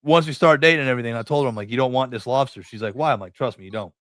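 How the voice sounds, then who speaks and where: Rapid-fire and a bit bright in a mid-range voice, the middle-aged New England host chats casually through rambling, profane tales, voicing the dialogue as he goes. It's recorded in studio quality with no echo.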